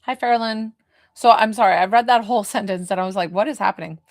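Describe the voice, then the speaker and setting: A woman who works as a medium, chatting casually on a livestream and answering her viewers' questions in a lively way. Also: a little high, quick pace, no room sound, clean studio sound. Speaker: medium doing live readings.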